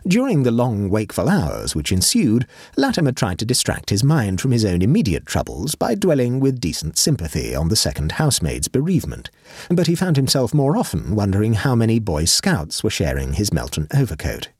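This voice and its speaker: A man narrating a classic humorous short story in a wry, measured manner. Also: lowish voice, huge pitch swings, a little mellow, husky, dry recording, studio quality.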